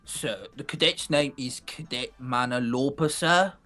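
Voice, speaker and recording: A man's voice: medium pitch, measured pace, sharp tone, soft background music. Man reading as a meek young woman cadet. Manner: timid, answering briefly.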